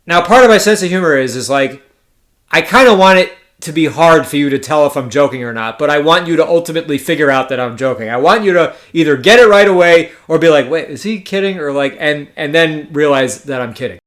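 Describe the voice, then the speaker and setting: A young man with a fairly high voice hosts a solo podcast and tells stories in a casual, rambling way. He swears freely and keeps a dry, sardonic edge. He stops often to correct himself. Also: lively intonation, fairly quick, a bit bright. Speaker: poker podcast host.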